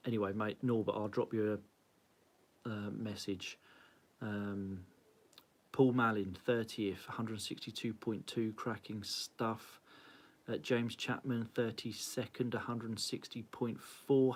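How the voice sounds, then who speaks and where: A man hosting a casual live-stream rundown of a cycling club's leaderboard, cheery and chatty, greeting viewers by name and laughing at his own slips. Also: on the low side. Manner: flustered, self-mocking. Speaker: cycling club host.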